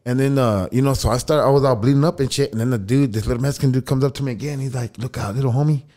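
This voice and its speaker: A man's voice: mid-range voice, fairly even intonation, racing, warm tone. A man, a podcast guest telling a long story in casual, profane, laughing talk. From El Paso, Texas. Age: 40s.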